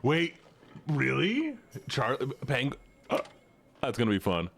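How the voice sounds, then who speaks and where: A man streaming a game live, excitable and chatty, thanking viewers as he plays. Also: mid-range voice, slow pace, vocal fry.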